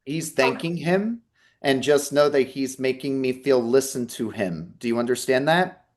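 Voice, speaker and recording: At normal speed and in a mid-range voice, a man working as a psychic medium gives a live online talk and reading. He relays messages earnestly and offers reassurance to the listener via video call.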